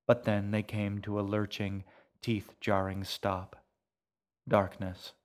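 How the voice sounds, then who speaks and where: A man reads a tense story aloud, his voice sitting on the low side. He takes his time with each phrase, hushed and measured, letting the sentences unfold slowly. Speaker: audiobook narrator. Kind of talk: scripted narration.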